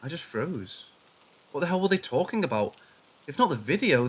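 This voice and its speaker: A man reading a first-person horror story aloud in a hushed, tense manner. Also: medium pitch, moderate pace, husky. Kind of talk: scripted horror story narration.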